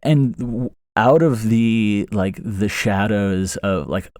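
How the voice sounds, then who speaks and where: A man with a lowish, darkish voice takes it slowly, keeping fairly even intonation as he hosts a podcast and tells a funny story. Amused and rambling, he uses many fillers and restarts. A close studio mic inside a small foam-lined box gives a very dry booth sound with no room sound.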